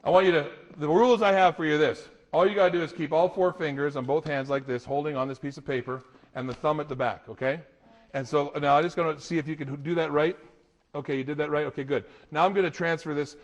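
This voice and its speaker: A middle-aged man speaks to an audience as a motivational speaker, his voice sitting a little high. He tells stories with animation and laughs along with them. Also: steady tone, quick pace, muffled recording. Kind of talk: live talk to an audience.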